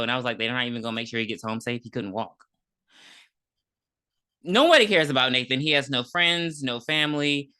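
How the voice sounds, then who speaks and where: A woman's voice: very deep voice, sharp tone. A woman co-hosting a podcast, recapping a TV episode in a chatty, slangy way with frequent laughs. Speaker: podcast co-host. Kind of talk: casual chat recapping a TV episode.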